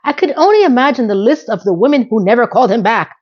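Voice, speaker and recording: A woman's voice: a little high, big pitch swings, fast talker, breathy edge, lo-fi sound. A woman recapping a TV episode in casual, sarcastic commentary with frank asides.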